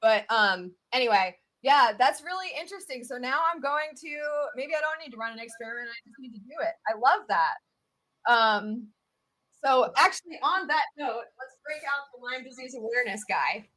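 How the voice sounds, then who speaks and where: A woman with a Southern US accent, talking as an expert guest in a casual interview, chatty and animated with many fillers. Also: on the high side, moderate pace.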